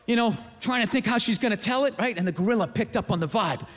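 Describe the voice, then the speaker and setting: A male stand-up comedian telling a story in a profane, animated rant. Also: high-pitched, fast talker. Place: live comedy venue. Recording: echoey hall with audience.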